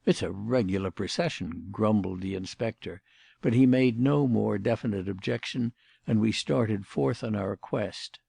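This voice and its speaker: Casting: deep-toned, gravelly male narrator for a period mystery audiobook, dry close sound. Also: a little slow, dark tone, dry recording.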